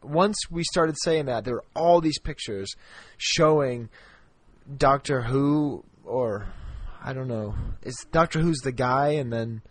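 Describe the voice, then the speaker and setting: A man's voice: medium pitch, slow, dry recording. Chatty, rambling male podcast co-host. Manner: chatty, rambling with frequent restarts and fillers. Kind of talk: casual chat.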